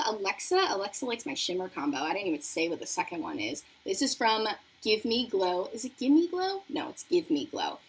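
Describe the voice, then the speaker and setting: Over a rough recording, a young beauty host with a husky, medium-pitched voice chats through her makeup livestream. She's bubbly and talkative, reading her viewers' comments out loud.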